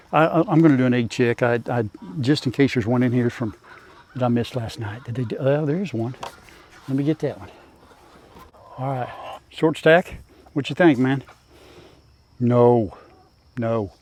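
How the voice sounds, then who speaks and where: A man's voice: mid-range voice, darkish tone, slight background noise. An older man with a drawl, chatting casually to his chickens and his viewers on his farm. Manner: folksy rural drawl, talks to his animals. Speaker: farm vlogger. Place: outdoors in a chicken coop.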